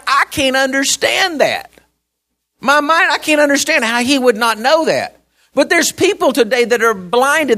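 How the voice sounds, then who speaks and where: A man's voice: very high voice, a bit bright. A middle-aged man preaching a sermon, folksy and emphatic, often repeating words as he tells a story. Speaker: pastor.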